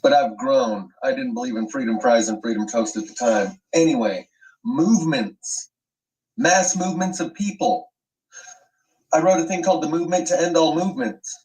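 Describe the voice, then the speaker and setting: A man's voice: medium pitch, normal speed, darkish tone, distant mic, rough recording. A man hosting an online commentary video, ranting with emphatic, profane sweeping claims.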